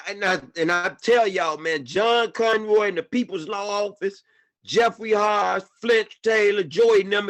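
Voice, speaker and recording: A man's voice: high voice, fairly bright tone. A man giving an impassioned personal testimony at a panel, repeating himself and often saying "man". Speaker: panel speaker.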